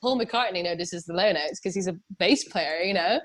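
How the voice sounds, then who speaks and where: A woman's voice: on the low side, normal speed. A young British woman from England, a musician chatting casually in an interview, rambling with many fillers and laughs. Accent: British English. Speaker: musician guest.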